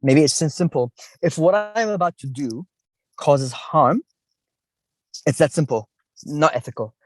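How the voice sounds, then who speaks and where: A man's voice: fairly high pitch, unhurried, dry recording. A middle-aged man from the Middle East, talking casually in an interview, rambling and musing with frequent restarts.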